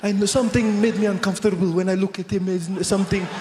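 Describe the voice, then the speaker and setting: A man voicing a hesitant, overly polite male passenger who speaks softly from a distance. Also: high-pitched, steady tone, fast talker, lightly acted. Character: polite prim middle-aged male passenger. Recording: echoey stage with audience noise.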